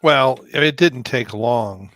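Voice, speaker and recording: A man as a guest on a casual political chat, agreeable, piecing together history haltingly. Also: medium pitch, fairly bright tone, no room sound.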